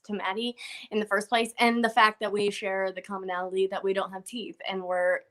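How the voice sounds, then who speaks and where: A woman's voice: mid-range voice, level tone, a little fast, a bit bright. Young adult woman, guest speaker, earnest and choked-up delivery. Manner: earnest, repeats words, chokes up. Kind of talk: emotional tribute speech.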